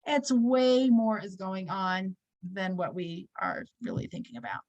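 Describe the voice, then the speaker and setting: A woman's voice: mid-range voice, unhurried, darkish tone, lo-fi sound. A woman in her sixties teaching a weekly scripture class, talking casually and telling stories with many fillers and restarts. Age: 60s.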